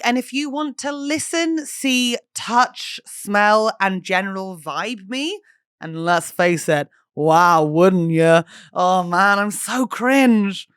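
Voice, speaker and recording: A young woman hosting a podcast, telling stories in a giggly, animated way and swearing casually. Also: medium pitch, slow, clean tone, no echo, clean studio sound. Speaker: podcast host and comedian. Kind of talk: casual chat.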